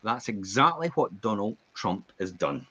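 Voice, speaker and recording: A man co-hosts a business podcast in relaxed chat, animated and storytelling, acting out quotes as he goes. His voice is husky and a little low, with a very lively pitch. The audio is dull and lo-fi. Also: a little slow. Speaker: podcast co-host.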